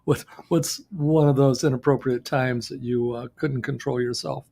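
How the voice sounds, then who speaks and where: A man's voice: mid-range voice, fairly even intonation, normal speed, mellow. A man hosting a podcast in casual chat, asking questions and sharing his own stories. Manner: asks questions, then shares his own story. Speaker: podcast host.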